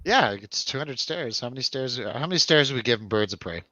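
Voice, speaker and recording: A man's voice: medium pitch, animated, fairly quick, sharp tone, no echo. A man hosting a casual movie chat with friends, joking, swearing and steering the talk. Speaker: podcast host. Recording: dull lo-fi audio.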